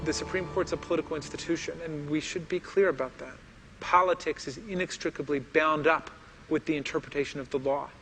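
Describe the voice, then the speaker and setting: A man's voice: a little high, steady tone, fairly quick, a bit bright, faint music behind. Emphatic man arguing a point. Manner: emphatic, argumentative. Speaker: interviewee. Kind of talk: documentary interview.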